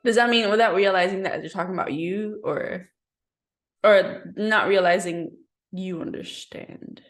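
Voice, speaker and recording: A woman in her twenties co-hosting a podcast, chatting casually and agreeably. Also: mid-range voice. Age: 20s. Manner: easygoing, agreeable, quick to laugh. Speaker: podcast co-host. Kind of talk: casual chat.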